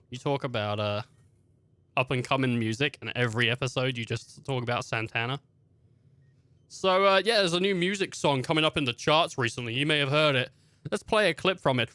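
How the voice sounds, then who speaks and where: A young man streams a game and fills the time with profane, rambling comic rants. He acts out everyday characters along the way. His voice is bright and forceful, close and dry, with no room around it. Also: medium pitch, animated, quick pace, no echo. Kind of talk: casual gameplay commentary.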